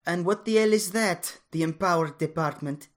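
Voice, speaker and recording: Casting: narrator doing a defiant, distrustful young woman in an audiobook, husky. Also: mid-range voice, normal speed, voice pushed up, lightly acted. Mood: suspicious. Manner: wary, defiant.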